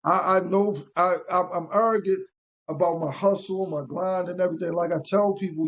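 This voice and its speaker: Halting high-voiced man, dull lo-fi sound. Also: fairly even intonation, a bit bright. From New York. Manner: halting, repeats words as he starts sentences. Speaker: podcast guest. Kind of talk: casual podcast chat.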